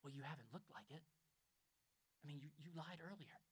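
A man voicing a sly enemy spirit who murmurs lies in a hushed, coaxing tone. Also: fairly high pitch, a little fast, slightly rough, voice pushed down.

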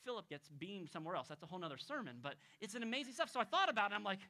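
A man who is a pastor, preaching a conversational expository sermon to a congregation, moving between emphatic raised points and soft, hushed passages. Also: high voice, big pitch swings, racing. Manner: storytelling, acting out quoted people.

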